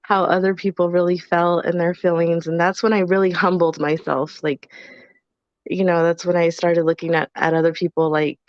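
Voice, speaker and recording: A woman co-hosting a live podcast, telling stories in a chatty, animated way full of fillers. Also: lowish voice, normal speed, smooth, dry recording, lo-fi sound. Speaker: podcast co-host. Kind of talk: casual live podcast chat.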